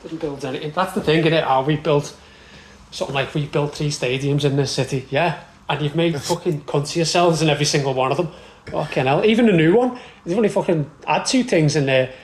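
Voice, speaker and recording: A man with a Liverpool accent rants about football, swearing freely and laughing between jabs. His voice sits a touch high for a man. The recording has an echoey room sound and a faint hiss behind it. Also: a little fast. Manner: sweary, animated ranting with laughter. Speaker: podcast co-host. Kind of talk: casual football chat.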